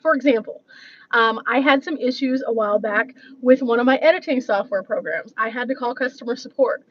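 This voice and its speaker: A woman's voice: on the high side, a little fast, dull audio. A woman vlogger talking casually on a live stream, rambling and laughing often as she reads out viewer comments. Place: coffee shop.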